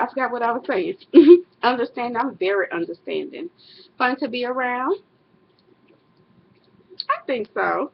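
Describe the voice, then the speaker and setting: Middle-aged woman, husky voice, casual rambling vlog monologue, dull webcam audio. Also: medium pitch. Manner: rambling, self-correcting, laughs often. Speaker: vlogger.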